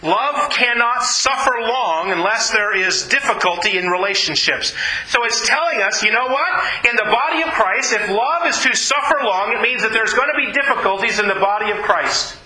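A man's voice: high-pitched, animated, normal speed, pushed and bright, roomy sound, low-quality recording. A man preaching a sermon in an earnest, conversational way, often repeating his phrases. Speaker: pastor.

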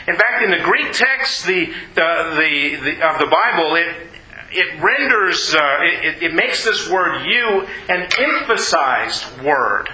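A man preaching a sermon, emphatic, repeating words and dropping low and slow on key phrases. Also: expressive, bright, forceful tone, reverberant, poor audio.

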